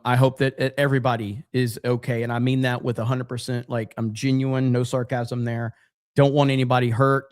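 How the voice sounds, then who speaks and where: A man hosting a casual livestream, rambling sarcastically and reading out chat messages. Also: mid-range voice. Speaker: livestream host.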